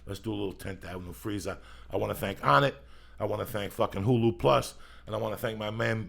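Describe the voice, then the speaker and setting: A middle-aged man hosting a podcast, rambling loudly and swearing heavily in comedic banter. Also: fairly low pitch. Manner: loud, rambling, heavy swearing, gravelly and raspy. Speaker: podcast host.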